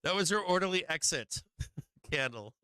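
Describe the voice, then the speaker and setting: Animated, laughing stock-stream host man. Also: on the high side, normal speed, clear, resonant tone, no room sound. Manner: profane, joking, laughs often, animated bursts. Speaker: stock market livestream host. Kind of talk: casual live trading commentary.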